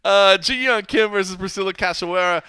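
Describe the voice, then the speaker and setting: A man's voice: high-pitched, moderate pace, bright, forceful tone, smooth, no room sound. A man hosting a casual podcast chat, talking animatedly and repeating words as he starts sentences. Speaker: podcast host.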